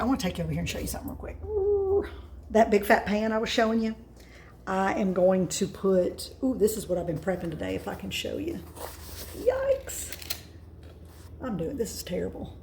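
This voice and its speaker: A woman, chatting excitedly and telling stories while cooking in her home kitchen. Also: medium pitch, slight background noise, low-quality recording. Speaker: home cook host. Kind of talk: casual cooking video chat.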